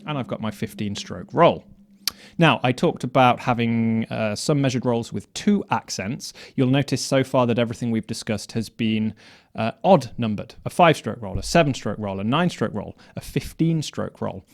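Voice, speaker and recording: A man's voice: mid-range voice, normal speed, vocal fry. A man teaching snare drum technique, explaining step by step and counting strokes aloud. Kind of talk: instructional explanation.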